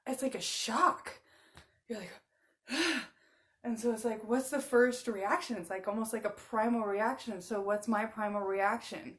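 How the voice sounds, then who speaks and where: A woman's voice: on the high side, a little slow. A woman in her thirties talking casually to camera, rambling with lots of filler words and laughing often. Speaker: spiritual channeler and musician. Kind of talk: casual monologue.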